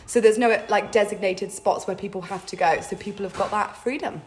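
A woman's voice: mid-range voice, a little fast. A woman from England with an English accent, a caravan park manager answering interview questions in a cheerful, easygoing way.

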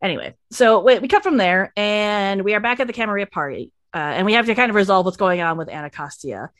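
A woman hosting a casual podcast, recapping a TV episode and acting out the characters' lines in an animated way. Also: medium pitch, fast talker, dry recording, studio quality. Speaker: podcast host.

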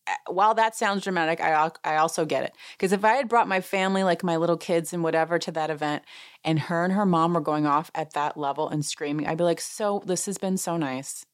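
In a brisk delivery and a fairly low voice, this podcast host gives a casual show recap. She's a chatty, amused storyteller who laughs and plays out what other people said.

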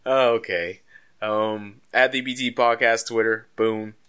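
A man co-hosting a podcast in casual, profane banter. His voice sits a little low but sounds bright and forward. He jokes freely with his co-hosts. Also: steady tone, measured pace, smooth. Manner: loose, profane, jokey. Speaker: podcast co-host.

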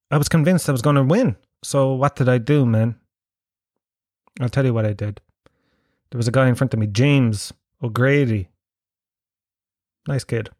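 A man's voice: mid-range voice, darkish tone, dry recording, studio quality. An Irish man with a Kerry accent, telling a rambling, self-mocking story and swearing freely. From Ireland. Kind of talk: storytelling monologue.

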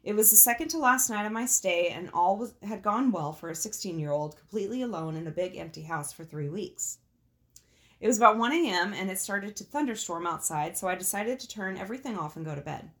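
Expressive woman reading spooky stories aloud. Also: mid-range voice, brisk. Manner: expressive, swears freely, laughs at her own jokes. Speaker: host reading out listener stories. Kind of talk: casual reading and chat.

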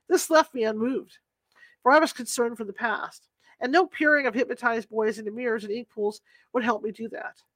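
A woman narrating a story aloud in a steady, plain storytelling manner, as an audiobook reader. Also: fairly high pitch, dry recording.

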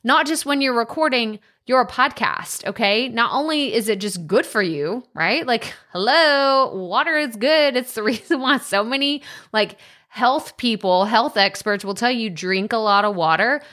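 A woman's voice: a little high, expressive, moderate pace, bright, forceful tone. A woman hosting a solo podcast, chatty and upbeat, laughing often and using lots of fillers. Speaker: podcast host.

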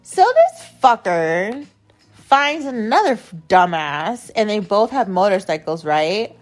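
A woman hosting a podcast, telling a story in a casual, profane, indignant rant, with lots of filler words. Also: medium pitch. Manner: heavy use of filler "like". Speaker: podcast host.

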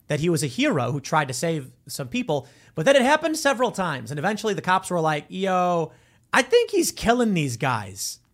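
A male host talks through a casual commentary monologue with lively, swooping intonation. His voice sits a little high for a man, and he acts out the people in his stories as he goes. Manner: animated storytelling, acts out quoted voices.

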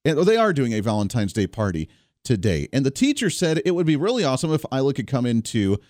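A Kansas man in his thirties hosts a radio talk show, addressing his listeners directly in a chatty, upbeat, opinionated way. His mid-range voice is very animated, quick and a little mellow, with no room sound. It's an energetic monologue on a studio microphone, dry studio sound with faint music behind him.

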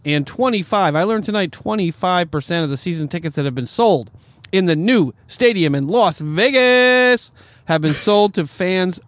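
A man with a slightly high voice hosts a loose sports chat. He is blunt and sarcastic and swears freely. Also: dry recording. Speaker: podcast co-host.

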